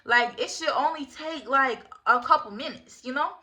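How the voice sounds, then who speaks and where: A young woman in her twenties telling a casual storytime, animated and full of slang, laughing often. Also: high-pitched, normal speed. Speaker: vlogger.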